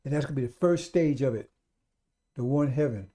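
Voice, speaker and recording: Mellow-voiced emphatic male radio preacher. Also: mid-range voice, a little fast. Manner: emphatic and repetitive, speaking straight to listeners. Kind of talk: radio sermon.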